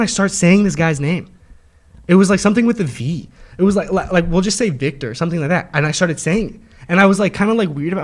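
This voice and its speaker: Animated young man telling a story. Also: high-pitched. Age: young adult. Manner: animated storyteller, laughs often, acts out voices in quotes. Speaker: host. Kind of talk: casual storytelling among friends.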